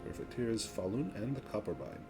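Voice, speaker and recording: A man narrating a tabletop role-playing game as game master, descriptive and unhurried, pausing with fillers. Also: fairly low pitch, sing-song, music in the background.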